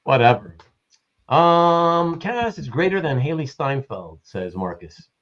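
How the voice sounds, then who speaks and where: A man hosting a casual livestream who greets viewers and reads the chat aloud in a rambling, animated way. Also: on the high side, slow pace, dull audio. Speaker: livestream host.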